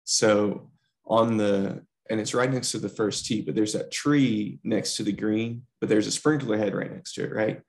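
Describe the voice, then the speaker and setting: A man's voice: lowish voice, steady tone, moderate pace, a little mellow. A young man co-hosting a podcast, casually telling a rambling workplace story with lots of fillers. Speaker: podcast co-host.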